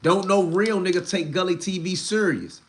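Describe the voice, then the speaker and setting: A man's voice: normal speed, a little hiss or hum. A young man hosting a livestream, ranting in blunt street slang with heavy swearing and a voice that climbs when he gets worked up. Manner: heated, rises in pitch when worked up. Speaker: livestream host.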